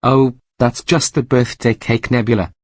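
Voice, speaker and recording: Tentacled otherworldly announcer, played by a man, matter-of-fact, courteous, mid-pitched, dry recording. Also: fairly even intonation, normal speed, no room sound, close to an everyday voice. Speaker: birthday announcer. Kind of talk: mock interview.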